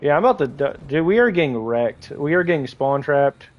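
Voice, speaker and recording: In lo-fi audio, a man with a somewhat high, animated voice talks fairly quickly as he streams a game. His casual chatter rambles, packed with "like" and repeated restarts.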